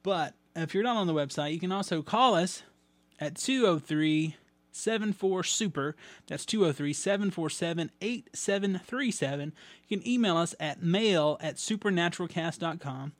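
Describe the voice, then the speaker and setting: A man's voice: high voice, normal speed, dry recording. A man hosting a podcast in a casual, rambling way with many ums and restarts, reading out listener mail. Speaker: podcast host.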